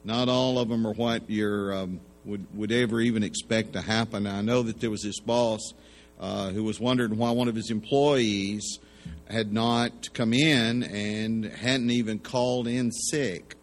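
A man with a fairly low, steady voice preaches without hurrying, spinning folksy jokes and performing the voices in his stories. The recording carries a long hall reverb.

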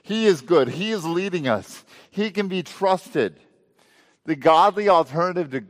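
A male pastor preaching a sermon, asking rhetorical questions and letting his voice swell and then drop low. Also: long reverb tail.

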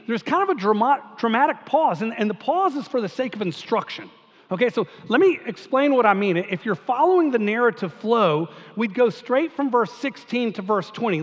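Male pastor, high voice, sermon in a church with a long echo, reads scripture then talks it through casually. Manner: reads scripture then explains it conversationally, with rhetorical questions.

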